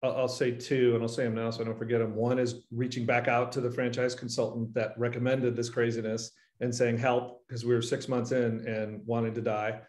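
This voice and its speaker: A man chatting as a podcast guest, speaking at an ordinary middle pitch with a roomy echo around him. he tells his stories in an animated way and acts out the voices of people he quotes. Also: a little fast, few pauses. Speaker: guest, painting business owner. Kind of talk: casual interview storytelling.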